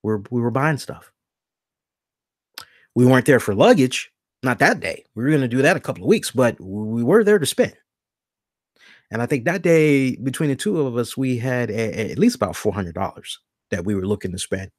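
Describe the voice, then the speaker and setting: A man in his thirties hosting a podcast, telling a story in a casual rant, acting out the people in it with big jumps in pitch and some swearing. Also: moderate pace, no echo, clean studio sound. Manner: animated, acts out quoted dialogue with big pitch jumps, swears. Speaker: podcast host.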